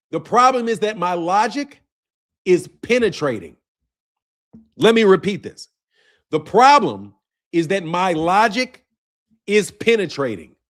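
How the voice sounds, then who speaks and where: A young man hosting a boxing livestream, arguing heatedly with viewers in chat and tacking "bro" onto his lines. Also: sits high. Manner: combative, ranting at chat, repeats "bro". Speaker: boxing channel host.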